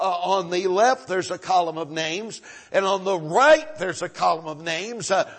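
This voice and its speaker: A middle-aged male preacher spins a folksy sermon story with a husky, slightly high voice. He restarts and doubles his words as he builds toward a point. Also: a bit bright.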